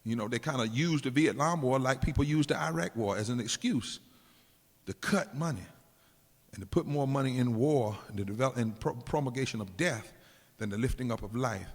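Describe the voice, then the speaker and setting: A man, a preacher, giving a political speech in an emphatic preaching cadence that drops low and slow for weight. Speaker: preacher and activist speaker. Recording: long hall reverb.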